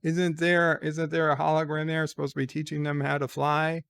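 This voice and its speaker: A man's voice: a little high, little pitch movement, moderate pace, creaky, fairly bright tone, smooth. A man giving casual reaction commentary on a trailer, sarcastic and exasperated as he gripes. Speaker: trailer reviewer.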